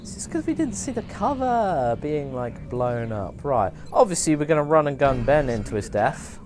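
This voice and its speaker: An English man hosting a gameplay livestream, chatty and excitable, joking with his chat. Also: a little high, normal speed, background noise. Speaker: livestream host.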